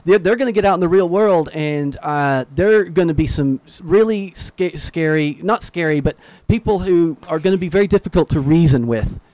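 Slightly high-voiced man in casual talk. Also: normal speed, hardly any pauses, darkish tone, dry recording.

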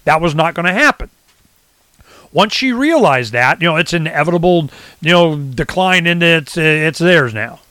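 Rambling guy ranting casual, kinda high voice, dry close mic. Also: normal speed, clean tone, dry recording. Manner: rambling, animated, swings into quoted voices.

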